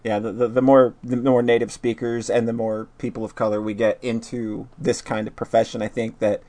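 A man's voice: mid-range voice, little pitch movement, a little fast, warm tone. Chatty male podcast host. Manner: chatty, laughs easily, stammers. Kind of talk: casual chat.

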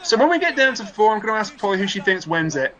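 A man's voice: sits high, big pitch swings, fast, highs cut off, heavy background noise. A man hosting a casual wrestling watch-along, with wry, knowing asides.

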